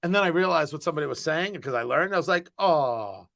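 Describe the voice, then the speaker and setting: Male host, casual stream talk, high pitched and animated, punchy and emphatic. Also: racing, vocal fry. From US East Coast. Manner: animated, emphatic, repeats words. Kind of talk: casual live-stream chat.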